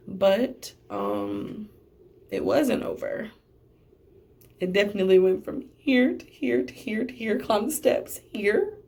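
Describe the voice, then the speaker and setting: A young woman who works at a testing center, telling a storytime vlog in an animated, sassy way with slangy asides. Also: mid-range voice, gravelly.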